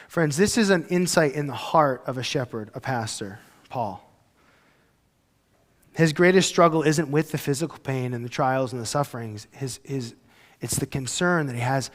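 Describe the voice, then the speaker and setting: A man's voice: on the high side, moderate pace, big-room sound. A man preaching a sermon as a pastor, conversational and joking, acting out quoted voices. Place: church sanctuary.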